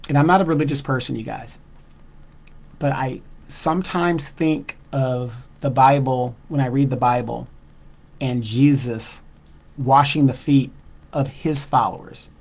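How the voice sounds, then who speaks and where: Rambling candid middle-aged man vlogging. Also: mid-range voice. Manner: rambling and candid, frequent ums and restarts. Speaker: channel host. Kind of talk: casual vlog monologue.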